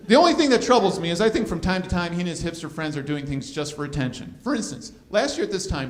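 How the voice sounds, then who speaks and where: A man in his fifties works a club stage with a wry, crude, self-deprecating stand-up set. His voice sits a bit high and carries around an echoey room. A laughing crowd fills in behind him. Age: 50s. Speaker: stand-up comedian. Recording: live club recording, roomy with crowd laughter.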